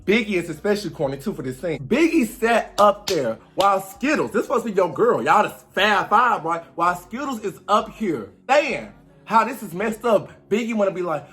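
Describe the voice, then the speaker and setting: A young man giving a lively, sassy recap of a reality show reunion, acting out the cast members' lines. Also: high-pitched, normal speed, soft background music. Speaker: commentary host.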